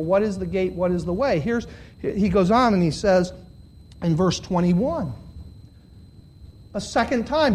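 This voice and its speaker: A preacher giving a live sermon to a congregation of about fifty, dropping to quiet, low questions and then rising to loud, shouted emphasis, drawing out key words. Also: a little hiss or hum. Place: church hall with about fifty listeners.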